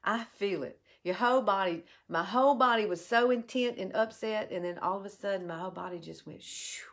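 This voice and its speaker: A woman tells a heartfelt personal story while doing a makeup tutorial, in an earnest, halting way. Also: mid-range voice. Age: 50s. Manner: earnest and heartfelt, with halting restarts and soft drop-offs. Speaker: beauty vlogger.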